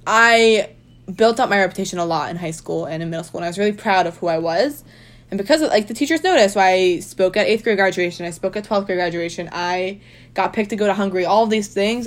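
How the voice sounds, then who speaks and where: A young adult woman telling a personal story in a casual, chatty way. She fills her speech with "like" and speaks with emphasis. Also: lowish voice. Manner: chatty, heavy use of "like", emphatic.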